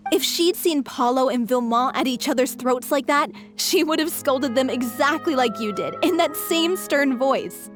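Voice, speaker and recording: A gentle young troupe member from a video game, wistful and affectionate in a high voice. Faint music plays behind her. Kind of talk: game voice acting.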